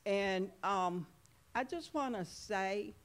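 A woman's voice: medium pitch, animated, takes it slowly. A woman sharing a devotional reflection at a church service, earnest and emphatic, repeating key words.

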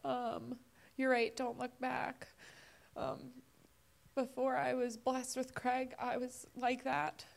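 A woman giving a personal testimony at a church service, emotional and halting, close to tears. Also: sits high, monotone, vocal fry.

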